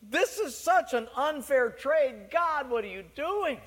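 A man voicing a panicked missionary who complains indignantly in a shrill, strained voice. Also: animated, takes it slowly, a bit bright, full character voice. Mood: indignant whining. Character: whining, panicked missionary man, middle-aged.

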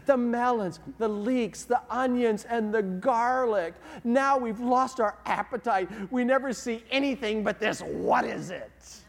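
A man's voice: very high-pitched, a little slow, darkish tone, pitched above the performer's own voice. A man voicing a complaining crowd of hungry desert wanderers in a whiny voice, heard in a reverberant hall. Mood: whining. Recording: long reverb of a large hall.

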